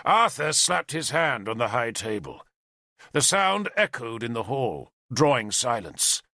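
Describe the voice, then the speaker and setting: A man's voice: medium pitch, big pitch swings, measured pace, creaky, sharp tone, no room sound, clean studio sound. A man narrating an audiobook expressively, voicing every character. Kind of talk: scripted narration.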